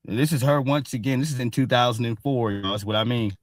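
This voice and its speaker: Guy ranting about the news, cussing a lot, keeps saying all right, mid pitch, dry sound. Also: fairly quick, no echo. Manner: blunt and profane, repeats "all right" constantly. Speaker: show host. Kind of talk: casual news commentary stream.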